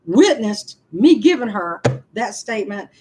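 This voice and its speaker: A woman's voice: mid-range voice, very animated, measured pace, darkish tone, slight background noise, poor audio. A woman, venting frankly to viewers on a casual livestream and answering their comments with laughing asides. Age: 60s. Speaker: livestream vlogger reading comments.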